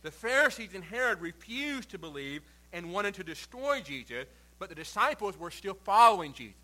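A male pastor preaching a sermon, reading scripture aloud and then explaining it with swings between quiet and forceful emphasis. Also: high-pitched, big pitch swings, moderate pace, low-quality recording. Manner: reads scripture then preaches with shifting loud and soft emphasis.

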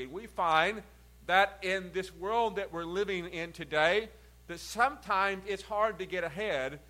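A man's voice: high voice, sharp tone. A man preaching an earnest expository sermon, stressing key words and letting phrases fall at the ends. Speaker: pastor.

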